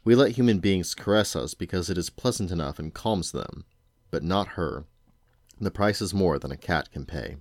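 Dad reading a lazy, cryptic cat, low drawl, dry close sound, storybook. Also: male voice, moderate pace, no room sound. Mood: drowsy cryptic. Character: drowsy aloof male talking cat, speaks in riddles. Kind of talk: storybook read-aloud.

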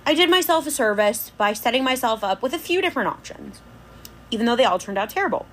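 A woman's voice: a little high, quick pace. Chatty young woman podcast host. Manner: chatty, animated storytelling. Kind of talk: casual chat.

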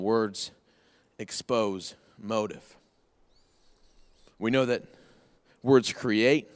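A man in his thirties preaching a conversational sermon, folksy and repeating key phrases for emphasis. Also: mid-range voice. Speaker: pastor. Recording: long hall reverb from the room.

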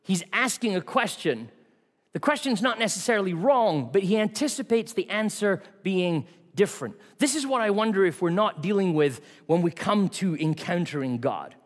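A man preaching a sermon in a church, telling stories with a varied delivery that drops to quiet asides. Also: high voice, animated, moderate pace, long reverb tail.

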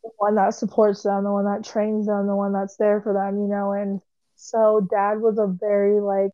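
A woman's voice: medium pitch, completely flat delivery, moderate pace, no echo. A young woman in casual chat about a movie, rambling emotionally and filling her talk with "like". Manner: rambling, heavy use of "like", emotional. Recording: dull lo-fi sound.

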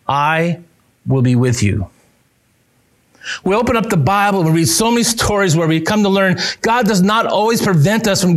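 A male pastor preaching a sermon, emphatic, repeating key phrases and dropping low on punch lines.

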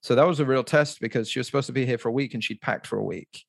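A man's voice: medium pitch, racing, vocal fry, no echo, studio quality. Rambling man telling a story. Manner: rambling, full of "like" and restarts. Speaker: podcast guest. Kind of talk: casual storytelling.

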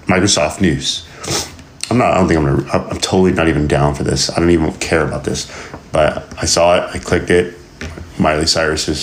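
A man's voice: low voice, slight background noise. A man hosting a casual podcast, reading news aloud and riffing on it in a rambling, joking way with frequent laughs. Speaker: podcast host. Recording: roomy echo.

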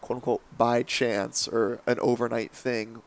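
A man with a gravelly edge to his voice hosts a relaxed podcast chat. He sounds laid-back and reflective and chuckles often. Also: mid-range voice, a little slow. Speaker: podcast host. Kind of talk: casual podcast conversation.

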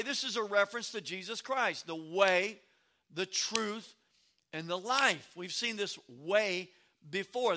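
Animated high-voiced male preacher. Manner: animated, reads scripture aloud then comments with sarcastic asides. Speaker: pastor. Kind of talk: expository sermon.

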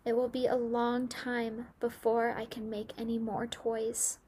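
A woman's voice: on the high side, monotone, mellow, slight background noise, lightly acted. Woman voicing a weary old toy maker. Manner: slow, sighing, weak-voiced.

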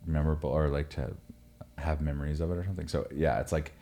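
Very deep-voiced male co-host, loose and joking, easygoing podcast banter. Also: steady tone, quick pace, dark tone. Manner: jokey, playful banter. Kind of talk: casual chat. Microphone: desk mic.

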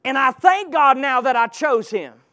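Male preacher, very high voice, impassioned sermon delivery with call-outs to the congregation. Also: expressive, moderate pace, sharp tone.

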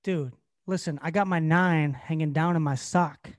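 A high-pitched man guessing song lyrics in a loose, excitable way, cursing and shouting when he gets one. His voice sits close and dry, with no room sound around it. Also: moderate pace, no room sound. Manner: excitable, swearing, bursts into shouts. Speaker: contestant. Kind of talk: casual game chat.

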